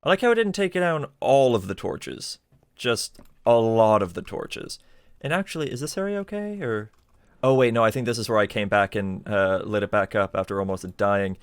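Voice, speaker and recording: Guy with a lowish voice rambling through his game stream, lots of uhs and ums. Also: expressive, normal speed, clear, resonant tone, no room sound. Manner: chatty, thinks aloud with many fillers. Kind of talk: casual live gameplay commentary.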